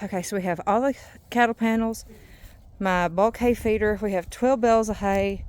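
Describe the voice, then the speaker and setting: A woman's voice: mid-range voice, steady tone, a little mellow, clean tone. A woman, talking casually in a rambling vlog as a mother. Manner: chatty, rambling, with drawn-out fillers. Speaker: vlogger and mother.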